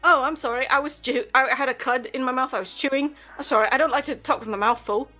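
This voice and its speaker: Brief: woman voicing a chatty, polite female horse with some attitude, pitched up. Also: fairly even intonation, quick pace, bright, forceful tone, soft background music. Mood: sassy. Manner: chatty and mock-indignant. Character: sassy talking female horse, polite, fond of carrots.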